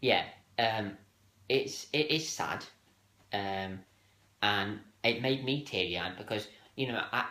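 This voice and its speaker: A man's voice: on the low side, slow, sharp tone. Hesitant man in an echoey room. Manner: hesitant, many fillers and restarts. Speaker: video host ranking TV moments. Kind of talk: casual solo countdown talk.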